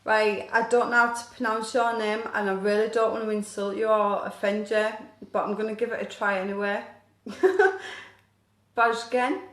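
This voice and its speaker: A woman's voice: mid-range voice, little pitch movement, a little fast, few pauses, a bit bright. A woman chatting casually on a live stream, reading viewer comments aloud and answering questions about her hobby in a self-deprecating, apologetic way. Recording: echoey room.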